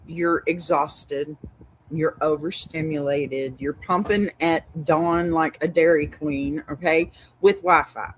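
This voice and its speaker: A woman's voice: sits low, steady tone, slow, a little hiss or hum, poor audio. A woman hosting a livestream advice show, giving sassy, emphatic commentary in a colloquial way.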